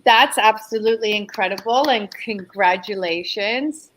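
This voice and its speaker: A woman hosting an interview who offers warm congratulations and asks curious follow-up questions. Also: medium pitch, moderate pace, slight background noise, poor audio. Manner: supportive listener with short affirmations. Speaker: host.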